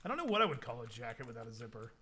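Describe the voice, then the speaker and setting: A man's voice: medium pitch, sing-song, rapid-fire, pushed and bright, slight background noise. A young man chatting casually with his stream chat, rambling with lots of fillers. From United States.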